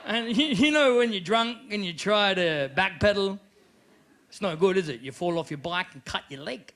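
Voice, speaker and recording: A man doing an animated live stand-up routine, sometimes shouting in character. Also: sits high, moderate pace. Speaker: stand-up comedian.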